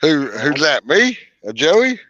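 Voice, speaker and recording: A man's voice: on the high side, sing-song, slow, a bit bright, dry recording. A man joining a livestream as a guest, jovial and joking. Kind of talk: casual chat. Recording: dull lo-fi stream audio.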